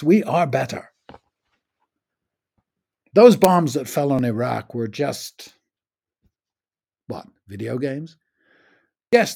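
Wry, mellow-voiced older man. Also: mid-range voice. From United States. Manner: wry, opinionated. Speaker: podcaster. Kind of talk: reflective spoken essay.

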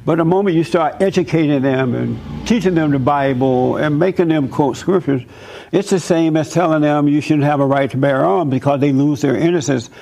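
A man hosting a talk show, telling an animated, emphatic story and preaching in a casual, fervent way. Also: fairly high pitch, gravelly.

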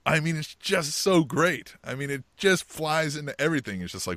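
Man, animated joking storyteller, lively swinging pitch, dry close sound. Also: fairly quick, no echo. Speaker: podcast co-host. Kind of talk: casual wrestling podcast chat.

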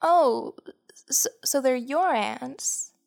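A woman's voice: on the high side, expressive, slow pace, gravelly, exaggerated voice. A woman doing a puzzled young visitor. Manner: hesitant, questioning. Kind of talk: audio storybook character voice.

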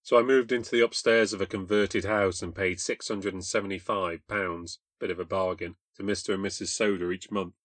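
Young man, low voice, dry close recording, sardonic ghost story narration. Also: fairly quick, hardly any pauses, no echo. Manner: sardonic, bitter, deadpan. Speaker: podcast host and narrator.

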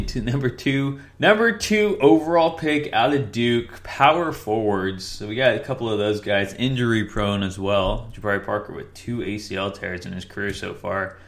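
A fairly low, slightly bright male voice carries a young man's casual solo sports podcast. He wanders off on tangents, leans on fillers, and frequently corrects what he just said.

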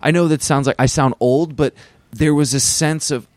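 A man's voice: fairly high pitch, steady tone, darkish tone, no room sound. A man hosting a podcast, musing in a casual interview and often restarting his sentences. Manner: rambling, halting, restarts thoughts. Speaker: podcast host.

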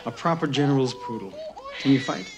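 An actor playing a volatile, hot-headed army officer spoiling for a duel, taunting and swinging between mutters and shouts, in a film clip. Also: male voice, medium pitch, lively intonation, fairly quick, lightly acted. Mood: furious taunting. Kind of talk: film drama acting. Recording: film clip with loud noise.

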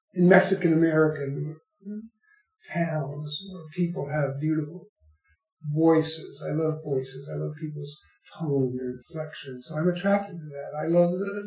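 A man's voice: a little high, fairly even intonation, measured pace, warm tone. Older man telling rambling, wry stories. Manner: rambling, wry, chuckling asides. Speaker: guest storyteller. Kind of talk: casual interview chat. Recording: echoey room, faint music.

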